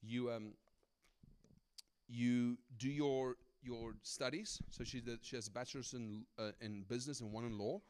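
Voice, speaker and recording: A middle-aged man from Africa, preaching a sermon as a guest speaker, telling personal stories in an animated, conversational way and often asking "right?". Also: medium pitch, a little slow, clear, resonant tone. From South Africa.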